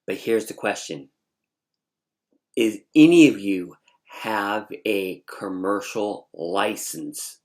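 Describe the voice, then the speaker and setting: A man voicing a chatty, matter-of-fact male choir director who draws out his questions and sometimes drops to a hush. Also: on the low side, takes it slowly. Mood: explaining.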